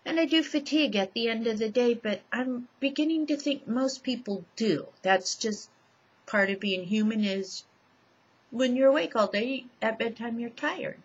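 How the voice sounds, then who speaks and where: A woman giving a personal testimonial at home, seated in a chair. She speaks deliberately and lists each change one by one. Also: fairly high pitch, breathy edge. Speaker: person describing her own recovery. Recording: dull lo-fi home recording, faint noise.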